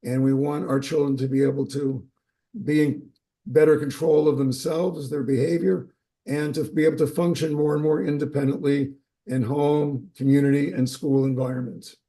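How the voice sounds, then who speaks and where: A man speaking as an expert guest in a webinar, measured and steady with occasional fillers. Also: on the high side. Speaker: autism services expert. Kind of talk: webinar discussion.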